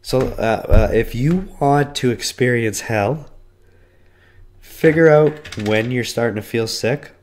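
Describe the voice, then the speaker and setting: A man in his twenties hosting a solo podcast, hoarse from being sick, telling a rambling, profane story. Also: slow, slight background noise. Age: 20s. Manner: voice cracks and breaks on high notes. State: hoarse, losing his voice from illness. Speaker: podcast host. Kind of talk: casual solo podcast monologue.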